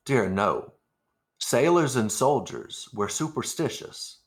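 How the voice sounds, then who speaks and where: A man's voice: medium pitch, expressive, slow pace, pitched above the performer's own voice. A man voicing an older ex-soldier adventurer in a tabletop role-play, with dry, teasing remarks.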